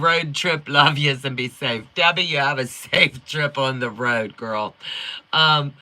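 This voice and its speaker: Middle-aged woman on a sewing livestream, folksy and chatty, thick accent, talks fast, real bright sharp voice. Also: low voice. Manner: upbeat and warm toward viewers. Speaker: quilting livestream host. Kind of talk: casual livestream chat reading viewer comments.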